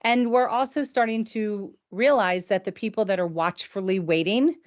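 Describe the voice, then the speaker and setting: A woman's voice: medium pitch, moderate pace, dull audio. A woman hosting a live Q&A, asking long, chatty questions about patient care. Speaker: host. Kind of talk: live Q&A interview.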